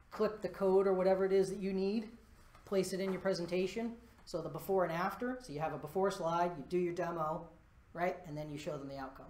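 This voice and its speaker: A man giving a live conference talk, lively and self-deprecating, walking around the stage as he speaks. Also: high voice. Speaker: conference presenter. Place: presentation room before a live audience. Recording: echoey presentation room.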